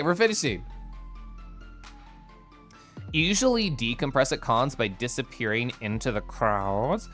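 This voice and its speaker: A young man from the United States, an energetic streamer chatting casually with his viewers and answering chat, with frequent laughs and asides. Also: mid-range voice, a little slow, long pauses, faint music behind. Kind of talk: casual live-stream chat, reading chat aloud.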